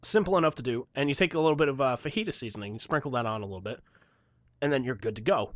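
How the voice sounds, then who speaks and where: A man's voice: mid-range voice, rapid-fire, no room sound, lo-fi sound. A young man on a podcast, casually telling a story full of swearing and acted-out dialogue. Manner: profane, animated storytelling. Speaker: podcast host. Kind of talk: casual chat.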